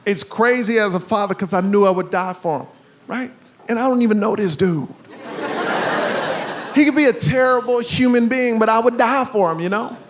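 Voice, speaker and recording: A man in his thirties doing a stand-up comedy set on a club stage, with animated, punchy delivery and shouted punchlines. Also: high-pitched, moderate pace. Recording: echoey room with background noise.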